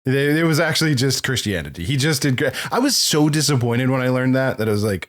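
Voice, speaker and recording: A man's voice: medium pitch, lively intonation, fast, few pauses. A man hosting a movie podcast, chatting casually and joking, with frequent restarts. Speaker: podcast host. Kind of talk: casual chat.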